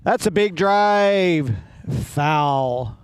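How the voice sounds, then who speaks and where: A man calling a high school softball game, upbeat and joking between plays. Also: expressive, very slow, clean tone. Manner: upbeat, jokey, plugs ads. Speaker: play-by-play commentator. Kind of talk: sports commentary. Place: windy outdoor ballpark press table.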